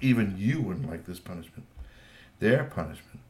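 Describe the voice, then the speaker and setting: Man making up a bedtime story, lively, rambling, echoey room. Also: low-pitched, moderate pace. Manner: animated, meandering. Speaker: parent telling a bedtime story.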